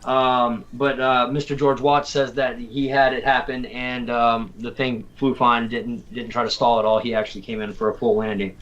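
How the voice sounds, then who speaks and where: A man's voice: medium pitch, level tone, normal speed, hardly any pauses, a bit bright, dull audio. A man from Tennessee hosting a casual livestream chat, rambling and laughing as he repeats his words. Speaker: host.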